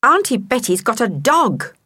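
A woman's voice: mid-range voice, big pitch swings, moderate pace, a bit bright, no echo, studio quality, voice pushed up. A woman voicing an eager young boy who pleads and protests earnestly.

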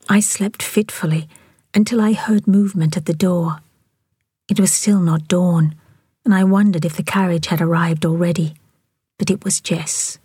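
Breathy whispering woman narrator. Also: on the low side, dry recording, studio quality. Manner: soft, even whispered reading. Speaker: author and audiobook reader.

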